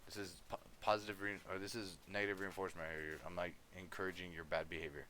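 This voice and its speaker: A man's voice: deep voice, flat delivery, quick pace, pushed and bright, a little hiss or hum. A male livestreamer chatting casually, easygoing, coaxing and scolding his dog between music talk.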